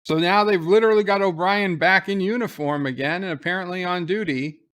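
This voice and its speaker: A man's voice: sits high, fairly quick, a bit bright, clean tone. A man giving casual live commentary on an episode, retelling scenes by quoting lines.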